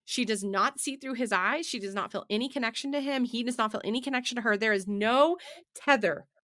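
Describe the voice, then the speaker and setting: A woman's voice: a little high, a little fast, no room sound, studio quality. A woman co-hosting a podcast in casual chat, stressing her points one after another. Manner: emphatic, lists points in a steady run. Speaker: podcast co-host.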